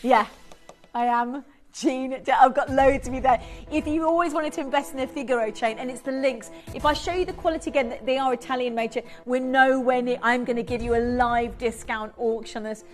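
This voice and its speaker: A woman presenting on a live shopping channel, chatty and excitable, laughing often and reading out buyers' names. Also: sits high, a little fast, faint music behind. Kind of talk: live TV sales pitch.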